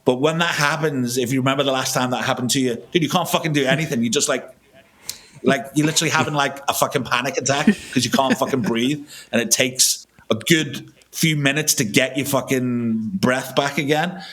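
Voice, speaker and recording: A man's voice: mid-range voice, fairly quick, fairly bright tone. A man, a filmmaker guest on a podcast, telling a long casual anecdote full of swearing and restarts.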